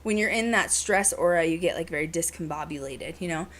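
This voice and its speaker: A woman hosting a podcast, telling a story in casual chat, animated and full of "like" and "you know". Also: lowish voice, brisk. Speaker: podcast host.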